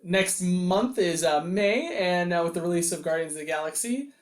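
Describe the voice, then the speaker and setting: A man's voice: high-pitched, expressive, moderate pace. A man hosting a casual comic-book podcast, making dry, wry jokes. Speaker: podcast host. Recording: roomy echo.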